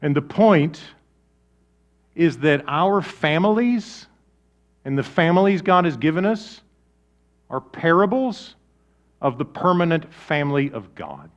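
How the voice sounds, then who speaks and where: A man preaching a sermon, swinging from loud, animated storytelling to quiet, low emphasis. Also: unhurried, pauses often. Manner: lively preaching with big swings in volume. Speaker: pastor.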